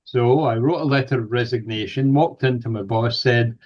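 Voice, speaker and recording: A man's voice: mid-range voice, normal speed, darkish tone. An older man from Scotland with a Scottish accent, a guest recounting a personal anecdote in conversation, with hesitant fillers and restarts as he goes. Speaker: guest, paranormal researcher. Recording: dull lo-fi audio.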